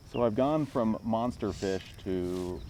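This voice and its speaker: A man talking casually while fishing outdoors by a pond, excitable and self-deprecating. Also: on the low side, vocal fry, a little hiss or hum. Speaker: fishing vlogger. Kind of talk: casual outdoor vlog commentary.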